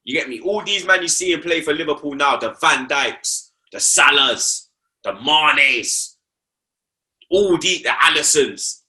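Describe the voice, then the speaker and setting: Animated, bright-voiced man. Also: fairly high pitch, unhurried. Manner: animated, slangy, repeats for emphasis. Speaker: football podcast host. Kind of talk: casual football chat.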